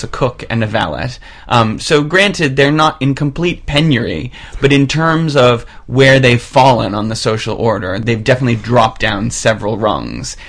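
A man's voice: mid-range voice, a bit bright. A man hosting a film review chat, retelling scenes in a playful, teasing way. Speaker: podcast host.

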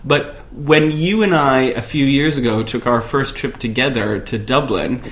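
A man's voice: medium pitch, moderate pace, fairly bright tone. An American man co-hosting a podcast, talking in a casual, playful and digressive way. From United States. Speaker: podcast co-host. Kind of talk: casual chat.

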